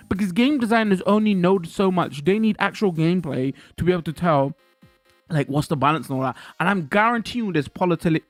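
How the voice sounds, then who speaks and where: A man's voice: on the high side, no echo. A man ranting animatedly to his livestream chat, swearing and restarting his sentences. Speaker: streamer.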